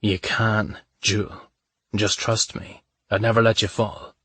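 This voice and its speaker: A man voicing a reckless yet tender Irish man in a romance audiobook, speaking softly, steadily and reassuringly. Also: lowish voice, little pitch movement, unhurried, husky, dry recording.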